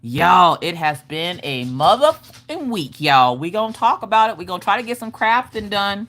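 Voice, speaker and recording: A woman hosting a casual craft livestream, upbeat, calling out viewers by name and swinging her pitch up and down as she chats. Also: big pitch swings, moderate pace, a bit bright. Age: adult, her father watches. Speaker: livestream host greeting chat. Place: home craft room.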